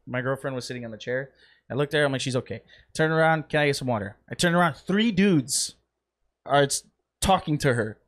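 A man's voice: mid-range voice, brisk. A young man co-hosting a podcast, telling a rambling, profane anecdote in casual chat. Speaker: podcast co-host.

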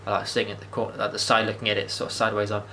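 Fast-talking, bright-voiced man. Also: lowish voice, completely flat delivery, slight background noise. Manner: rambling and enthusiastic, with frequent restarts and swearing. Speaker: vlogger. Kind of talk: casual movie review monologue.

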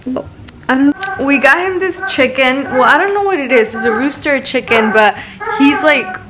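A woman's voice: high voice, moderate pace, background noise. A woman vlogging casually at home, out of breath, chatting and calling to a puppy, dropping in Spanish words. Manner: playful, mixes in Spanish words, coos at a puppy. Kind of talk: casual vlog chat. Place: home indoors.

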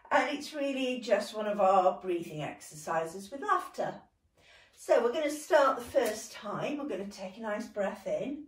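A young British woman leading a gentle seated movement session. She laughs often and talks in an encouraging way. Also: mid-range voice, lively intonation, unhurried. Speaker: dance and movement workshop leader. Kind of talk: gentle guided exercise session. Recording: echoey room, voice from a distance.

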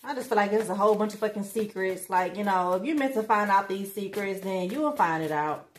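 Here a tarot reader talks straight to her audience at a brisk clip, her voice pitched in the middle range. She's casual and blunt, full of slang and curse words, emphatic and quick to burst out laughing.

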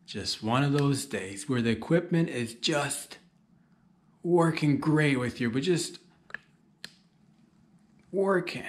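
A man's voice: medium pitch, roomy sound, a little hiss or hum. A man hosting a solo comedy podcast, rambling and joking as he talks straight to his listeners.

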